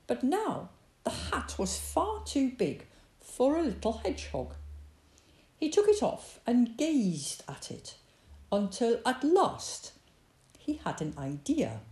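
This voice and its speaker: A woman reading a children's picture book aloud in an expressive, sing-song storytelling manner. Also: on the high side, takes it slowly, roomy sound.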